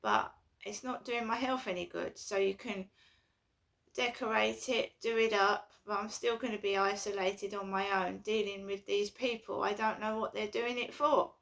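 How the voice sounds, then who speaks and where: Woman vlogger, gravelly edge, bright tone, anxious rambling delivery. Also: medium pitch, fairly even intonation, normal speed. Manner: anxious, rambling, repetitive complaints. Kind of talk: casual personal vlog.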